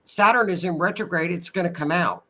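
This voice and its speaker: Bright-voiced man talking astrology. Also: high-pitched, brisk. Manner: reads events through astrology, laughs often. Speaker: astrologer guest. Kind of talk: casual chat.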